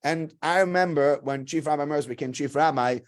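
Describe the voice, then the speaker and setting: A man's voice: a little high, a little fast. A middle-aged man, a rabbi giving a casual sermon, telling stories in a chatty way and acting out the people in them. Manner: chatty storyteller, acts out quotes, laughs often.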